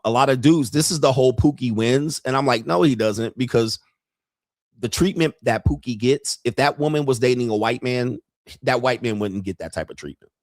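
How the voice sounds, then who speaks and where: A male livestream host in a crude comedic rant, animated and acting out the people he talks about. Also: mid-range voice, dry recording, clean studio sound.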